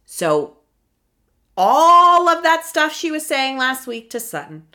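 A woman hosting a podcast, recapping casually and animatedly, swinging from mumbled asides to loud exclamations. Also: high-pitched, very animated, slow. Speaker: podcast host.

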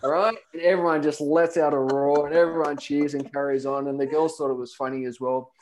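A man's voice: a little high, a little fast. A middle-aged man telling running stories in a casual podcast chat, acting out the voices of the people in them. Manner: animated storyteller, acts out voices. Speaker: podcast guest runner.

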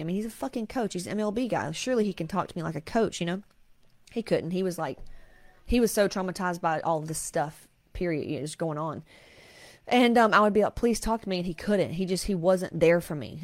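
Candid woman, low dry voice. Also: dry recording. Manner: emotional, confessional, frequent swearing. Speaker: podcast host. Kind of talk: candid personal storytelling.

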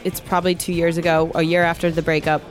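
A woman telling a personal story as an interview guest, animated and chatty with many fillers, on a close podcast mic. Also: lowish voice, quick pace, music in the background. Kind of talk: casual storytelling.

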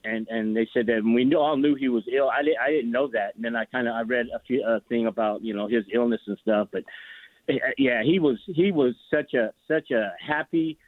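A man's voice: mid-range voice, fairly quick, no room sound. A man phones in to a sports talk show and rambles through a story, circling back with fillers and restarts. His voice comes over a tinny, narrow phone line. The sound is dry, with no room around it. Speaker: caller. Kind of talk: casual phone call to a sports radio show.

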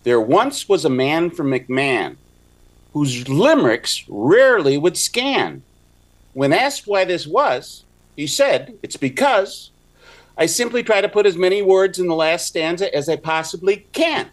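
A man's voice: a little high, sing-song, measured pace. A man on a live podcast reciting a limerick in a playful, theatrical way. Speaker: guest.

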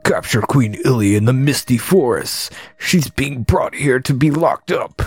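A man voicing a gruff male boar warrior in a game, speaking low and slow. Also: lively intonation, soft background music. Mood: reporting.

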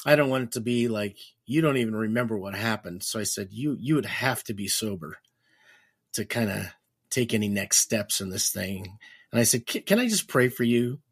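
A man, a Christian minister and podcast guest, telling stories in a casual, animated way and acting out the dialogue he quotes. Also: on the low side, slightly rough. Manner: animated storyteller, acts out quoted dialogue with restarts. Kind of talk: casual storytelling.

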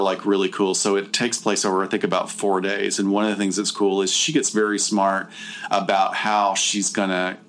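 A man's voice: fairly low pitch, flat delivery, moderate pace, fairly bright tone, a little hiss or hum. A man hosting a podcast, chatting casually and animatedly while recapping a movie, often laughing and slipping into impressions. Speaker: podcast host.

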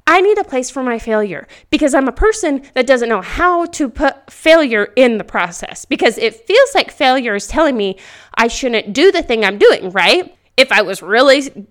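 A woman hosting a podcast, telling stories in a loud, animated way and laughing often into a podcast microphone. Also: on the high side. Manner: speaks loudly; animated storytelling with frequent laughter. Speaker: podcast host. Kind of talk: casual motivational podcast monologue.

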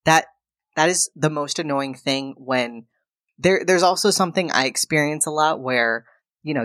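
Low-voiced woman recapping a film. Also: dry recording, clean studio sound. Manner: animated retelling, acting out characters' lines. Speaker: podcast co-host. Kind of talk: casual chat recapping a film.

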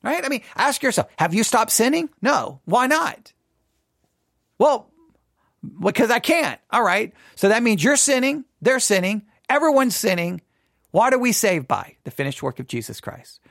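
A man teaching in a sermon style, answering listener questions, earnest and animated, often repeating words and restarting. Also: very high voice, normal speed, gravelly, no room sound, studio quality. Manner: earnest, animated, acts out imagined people.

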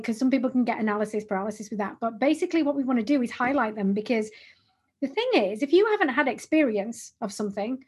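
A chatty woman in her forties talks through a business podcast with a slightly high, husky voice. She is animated and often restarts her phrases mid-thought. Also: fast talker. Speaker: podcast co-host. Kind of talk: casual business podcast chat.

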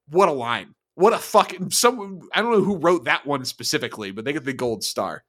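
A man's voice: fairly high pitch, sing-song, brisk, hardly any pauses, fairly bright tone. A male podcast co-host in casual review chat, swearing freely and eagerly acting out scene dialogue. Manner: profane, enthusiastic, acts out scene dialogue.

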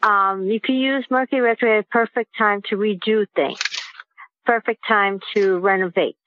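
A woman calling in to a radio show, speaking in a halting, earnest way with lots of fillers. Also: medium pitch, dry recording. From Queens, New York. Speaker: caller. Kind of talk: phone call to a radio show. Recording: tinny phone line.

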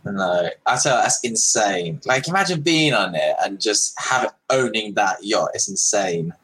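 A man's voice: on the low side, lively intonation, moderate pace, fairly bright tone, breathy edge, low-quality recording. A man co-hosting a stream, laid-back and laughing often. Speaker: livestream co-host. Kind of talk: casual chat.

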